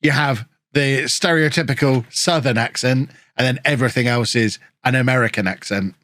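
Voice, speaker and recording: A man live-streaming a football management game, chatting with viewers and reacting excitedly to the match. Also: medium pitch, moderate pace, no room sound, studio quality. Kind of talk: casual live-stream commentary.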